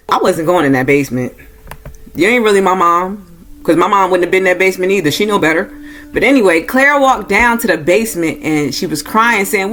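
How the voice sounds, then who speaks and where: With lively intonation, a brisk pace and a slightly bright voice, a woman gives an informal movie review and plot recap. She talks loosely, uses "y'all," and performs quoted lines with her pitch climbing.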